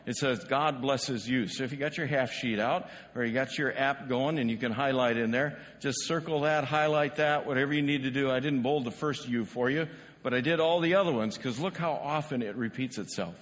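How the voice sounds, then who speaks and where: A man's voice: mid-range voice, brisk, a bit bright, long reverb tail. A male pastor preaching a sermon in a conversational way, often asking the congregation rhetorical questions. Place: church sanctuary.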